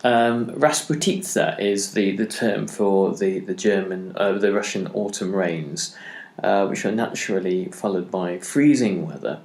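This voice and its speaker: A man with a lowish voice talks through a history lesson, pausing on frequent ums and uhs as he finds his words. The recording has a noticeable roomy echo around him. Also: vocal fry, a little mellow. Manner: halting, many ums and uhs. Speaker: history podcast host. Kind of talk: unscripted history lecture.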